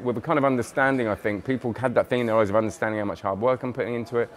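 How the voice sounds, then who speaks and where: A man's voice: medium pitch, very fast, few pauses. A tired man chatting casually in a vlog about magic products, rambling and enthusiastic with lots of fillers and restarts. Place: magic convention hotel.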